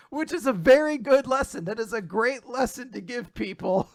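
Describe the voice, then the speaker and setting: A man's voice: high voice, animated, normal speed. A man on a podcast casually recapping manga chapters, retelling scenes and quoting lines, often laughing. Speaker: podcast host.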